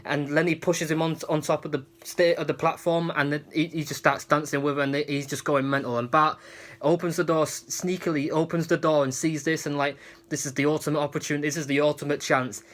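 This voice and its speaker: A man's voice: a little high, fairly even intonation, a little fast, a bit bright. A man giving a casual, rambling episode recap with many restarts. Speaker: episode reviewer.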